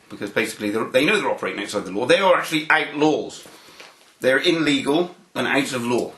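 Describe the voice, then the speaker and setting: A man, interviewed and telling anecdotes in an animated way, often repeating words as he starts a phrase. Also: medium pitch, roomy sound. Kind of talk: anecdotal storytelling.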